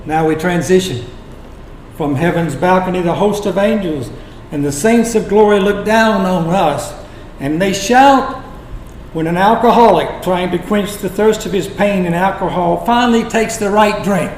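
A man preaching a sermon, retelling scripture as dramatic storytelling with long pauses. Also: high voice, a little hiss or hum. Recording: echoey room.

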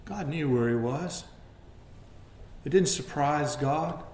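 Preaching man in an echoey room. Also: slow. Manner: swings between hushed low asides and raised emphatic preaching. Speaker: pastor. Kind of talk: sermon.

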